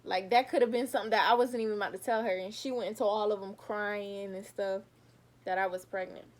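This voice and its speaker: Young adult woman, casual storytime vlogger, chatty and direct to camera, animated retelling, mid-pitched. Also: brisk. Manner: chatty, talks straight to viewers, animated retelling. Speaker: vlogger telling her own story.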